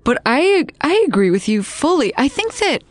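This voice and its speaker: A young woman hosting a casual chat, joking and talking quickly with many fillers. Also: high voice, big pitch swings. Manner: quick, jokey, lots of likes. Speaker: host.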